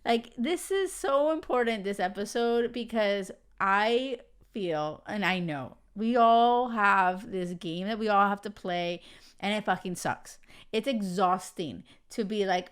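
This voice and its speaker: A young woman hosting a podcast, talking emphatically and excitedly, swearing freely. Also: mid-range voice, a little slow, smooth. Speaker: podcast host. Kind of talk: casual podcast chat.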